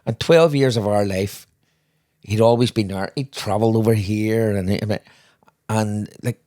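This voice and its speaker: A man's voice: on the low side, measured pace, warm tone. An older man, co-hosting a podcast and telling rambling anecdotes with frequent laughter and restarts. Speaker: podcast co-host. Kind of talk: casual storytelling chat.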